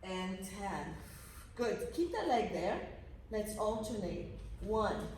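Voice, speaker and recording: A woman's voice: medium pitch, very animated, takes it slowly, darkish tone, slight background noise. A woman leading a pilates class, coaching energetically and counting reps, at times out of breath. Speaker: pilates instructor. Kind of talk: guiding a workout class. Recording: roomy echo from a distance.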